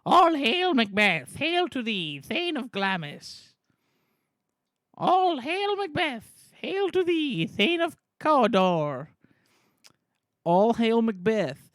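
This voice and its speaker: Three eerie old witches chanting their lines slowly, read by a man in his own voice with little effort to put on a character. The voice sits high, and the sound is close and dry. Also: very animated, a bit bright, no echo, exaggerated voice.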